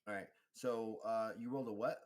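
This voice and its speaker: A man narrating a tabletop role-playing game as game master, talking in a loose, halting way with many fillers. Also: lowish voice, steady tone, darkish tone.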